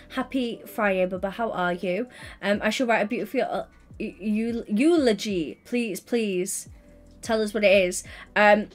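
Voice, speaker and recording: A young woman chatting casually to her livestream audience, giddy and bubbly but tired and yawning, on a headset mic. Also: mid-range voice. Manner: giddy, bubbly and chatty, quick asides to chat.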